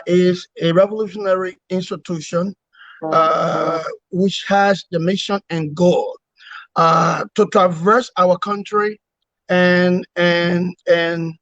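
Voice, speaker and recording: Emphatic man, high voice. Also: a bit bright, no echo. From Liberia. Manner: emphatic, repetitive oratory with rhetorical questions. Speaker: opposition movement leader, guest. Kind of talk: political interview. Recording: dull, dry lo-fi sound.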